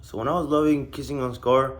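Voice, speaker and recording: A man's voice: medium pitch, steady tone, brisk. A young man in his twenties telling a vlog story, blunt and profane, in a subdued way. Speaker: vlogger.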